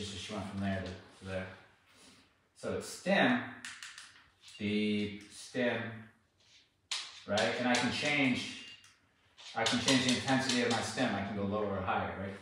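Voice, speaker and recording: A man working as a dog trainer, calmly explaining his method while coaching a dog and sometimes switching to high, cheerful praise. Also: moderate pace, pauses often. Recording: distant echoey mic with faint noise.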